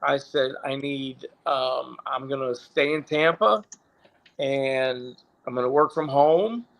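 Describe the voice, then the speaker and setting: A man's voice: mid-range voice, slow pace, creaky, fairly bright tone. A middle-aged man, a former pro wrestler, telling stories casually with swearing and frequent self-corrections. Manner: rambling, profane, self-correcting. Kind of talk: casual storytelling.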